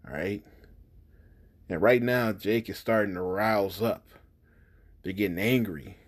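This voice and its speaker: A man's voice: on the low side, a little slow. A man giving casual, heated commentary on news videos, profane and repetitive, in an indignant manner.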